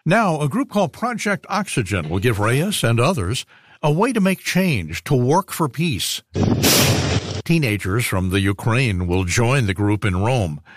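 A man reading a scripted radio news feature as anchor, in a measured newsreader delivery. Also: medium pitch, no room sound.

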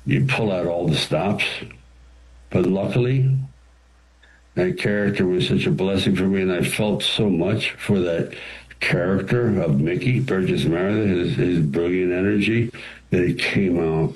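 A man, an actor and screenwriter, telling studio stories as an interview guest in an animated way, with frequent restarts. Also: low voice, measured pace, rough recording. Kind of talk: anecdotal storytelling.

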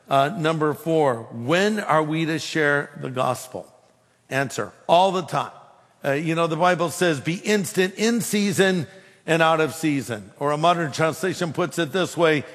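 A man preaching a sermon, telling a humorous personal story in an animated way. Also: fairly high pitch, long reverb tail. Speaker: pastor.

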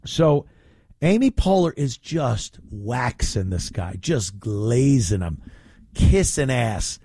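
A man's voice: medium pitch, big pitch swings, slow pace, dark tone, dry recording, studio quality. A man hosting a podcast, mocking a clip with exasperated, sarcastic commentary and teasing baby talk. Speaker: podcast host reacting to a clip.

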